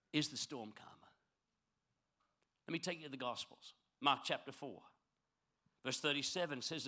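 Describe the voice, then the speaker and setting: A male pastor delivers an animated sermon. His voice sits a little high and has a bright, forceful edge. He swings between loud, emphatic lines and hushed ones.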